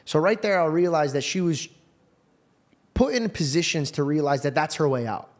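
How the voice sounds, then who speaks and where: A man hosting a podcast, telling a personal story in a casual, profane, animated way. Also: on the high side, moderate pace. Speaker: podcast host.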